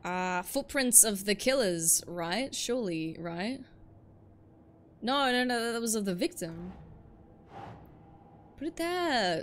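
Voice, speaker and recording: A woman's voice: mid-range voice, expressive, slow pace, pauses often, slight background noise. Chatty, foul-mouthed woman streamer. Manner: chatty, swears freely, reads and answers viewer chat. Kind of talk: casual chat while livestreaming a video game.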